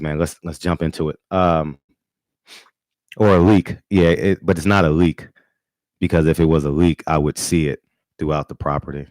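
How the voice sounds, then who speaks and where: A man with a deep, low voice talks casually as the host of a boxing talk show. He is brash, boastful and profane, and he stumbles and restarts his sentences. The sound is dry and close. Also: a little mellow, no room sound.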